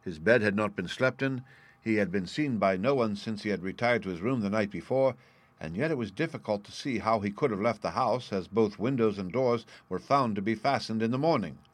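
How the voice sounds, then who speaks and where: A man narrating a classic story in the first person, reading in a measured, formal way. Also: on the low side. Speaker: audiobook narrator.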